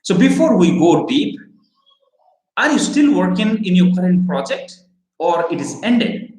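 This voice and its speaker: Male trainer, slow deliberate delivery, voice a bit high, roomy echo around him. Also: sing-song, darkish tone. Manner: slow, emphatic teaching with frequent "okay?" and "right?" checks. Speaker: recruiting trainer. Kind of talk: training lecture.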